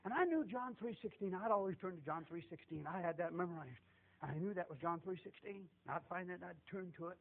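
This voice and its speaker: An older man giving a folksy testimony sermon, animated and repetitive, chuckling as he tells it. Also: high voice, quick pace, gravelly, phone-quality sound. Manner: animated, repetitive, laughs while telling.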